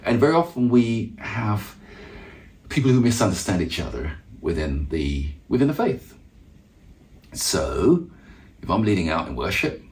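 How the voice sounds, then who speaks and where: Male speaker, low pitch, devotional talk: reads scripture aloud, then thinks it through in a loose, reflective way with restarts. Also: very animated, measured pace, pauses often, darkish tone. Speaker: musician teaching on the Psalms.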